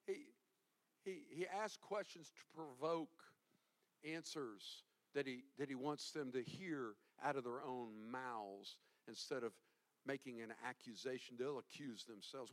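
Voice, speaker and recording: A male pastor preaching a sermon, animated and emphatic, swinging from hushed to loud. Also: medium pitch, measured pace.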